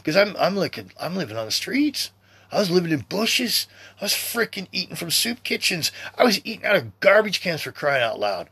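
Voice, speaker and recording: A man in his sixties hosting a podcast, talking in a rambling, profane, animated monologue. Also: medium pitch, breathy edge. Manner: rambling and profane, with excited swings in loudness. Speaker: podcast host.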